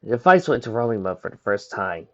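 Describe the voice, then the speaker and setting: A man reading a fan fiction chapter aloud, his voice animated and moving a lot in pitch, with the odd slip he fixes on the go. The sound is muffled and lo-fi, like a home recording. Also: quick pace. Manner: lively reading with small slips. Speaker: narrator.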